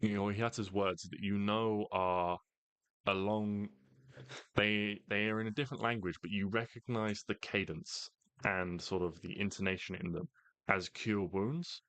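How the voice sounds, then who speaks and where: A man narrating as game master of a tabletop game, halting and full of fillers. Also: on the low side, steady tone, fairly bright tone, dry recording.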